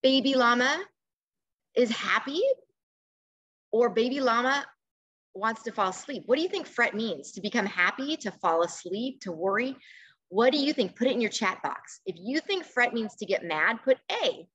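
Woman teacher, storybook read-aloud on a video call, bright higher pitch, lively sing-song delivery. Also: moderate pace, lo-fi sound. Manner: expressive, questioning, coaxing. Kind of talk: reading a picture book aloud to children.

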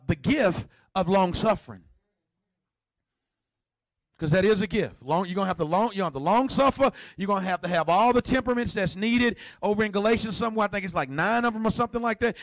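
His voice sitting high, a male pastor preaches energetically, trading jokes with the congregation and alternating between shouts and hushed remarks. No room sound comes through.

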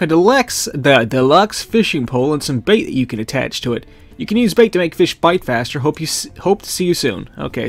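Over background game music, a man with a slightly high, somewhat bright voice chats casually while playing a farming game. As the host of a gaming video, he gives let's-play commentary and reads the characters' lines aloud.

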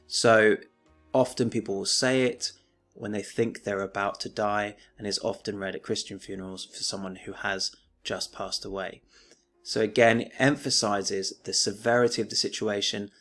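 A man teaching a remote lesson, reading a poem aloud in a measured, declaiming way and then explaining it plainly. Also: lowish voice, vocal fry, a bit bright.

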